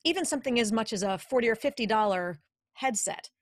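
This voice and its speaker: A woman hosting an instructional podcast as a voice coach, speaking in an energetic, emphatic, demonstrative way into a studio podcast microphone in a home studio. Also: fairly high pitch, quick pace, no echo.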